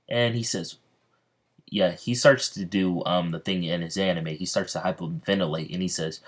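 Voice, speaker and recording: A man casually narrating a fan-fiction story as a video creator, halting with fillers and restarts. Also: sits low.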